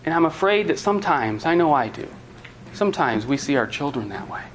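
Higher-voiced man preaching a sermon. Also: very animated, brisk, slight background noise, rough recording. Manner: conversational preaching with acted-out quotes. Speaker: pastor.

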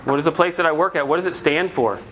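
Earnest preaching man, higher voice. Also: fast, fairly bright tone, slight background noise. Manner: questioning, earnest preaching with rhetorical questions. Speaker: pastor. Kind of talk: sermon.

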